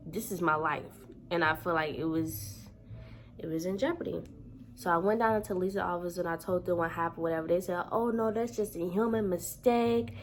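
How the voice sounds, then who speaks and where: A woman's voice: fairly low pitch, a bit bright, slight background noise. A woman vlogger telling a story to her viewers in a casual, heated way, with a lot of swearing.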